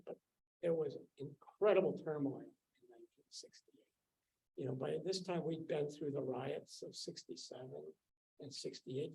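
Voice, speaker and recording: A man's voice: on the high side, gravelly, mellow, rough recording. Older male scientist, casual anecdotal storyteller, meandering with frequent fillers. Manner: rambling, with many fillers and restarts. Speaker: scientist recounting his career.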